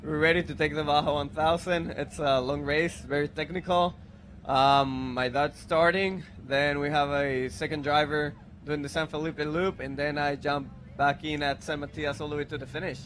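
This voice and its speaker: A man, a race driver, answering interview questions in a calm, measured way at an outdoor race event. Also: fairly high pitch, slight background noise.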